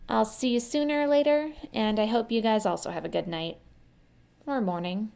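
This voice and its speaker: A young adult woman with a somewhat high voice narrates a chapter aloud in the first person, keeping the reading plain and unhurried. She records under a heavy blanket at home. When she finishes, she talks to her listeners in a loose, chatty, self-mocking way. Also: creaky, a little mellow. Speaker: amateur audiobook reader. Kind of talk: first-person audiobook narration and casual sign-off.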